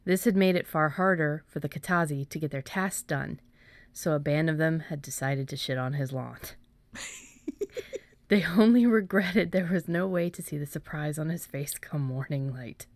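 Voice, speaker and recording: A woman, an author, reading her own story aloud in a measured way and then chatting about it with hesitant fillers. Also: sits low, no echo. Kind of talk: storybook narration, then casual chat.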